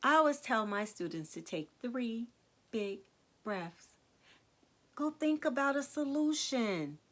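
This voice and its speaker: A woman reads a children's picture book aloud, slow and unhurried. Her voice is high and bright and swoops up and down. She keeps turning to her young listeners with questions. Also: lively intonation. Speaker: children's storyteller and teacher.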